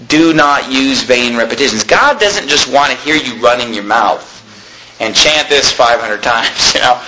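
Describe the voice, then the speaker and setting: A man preaching a sermon with emphasis, his voice rising toward near-shouting and then dropping low. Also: poor audio.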